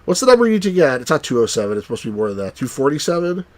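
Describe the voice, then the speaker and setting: A man from New Jersey chatting wryly through a live game stream, now and then cheering out loud. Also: mid-range voice, racing, dry recording. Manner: chatty, wry, bursts into excited cheers. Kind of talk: live let's-play commentary.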